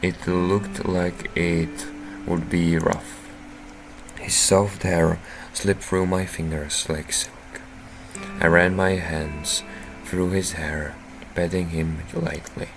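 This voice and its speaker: A man playing through a visual novel, reading the narration aloud and breaking into loud, profane reactions. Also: sits low, creaky, poor audio. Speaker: game streamer. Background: faint game music.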